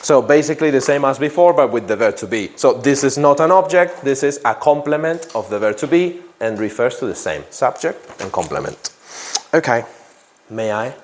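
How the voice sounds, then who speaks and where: A man's voice: mid-range voice, lively intonation, moderate pace, slight background noise. A man teaching an English grammar class in a classroom, repeating example sentences and asking students questions.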